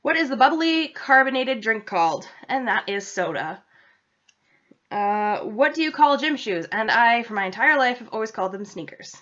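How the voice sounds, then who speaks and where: A woman's voice: a little high, fairly bright tone. A young woman from central Massachusetts with a New England accent, chatting and rambling casually to her laptop camera in a self-deprecating way. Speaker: vlogger. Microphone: laptop webcam. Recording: dull lo-fi laptop audio.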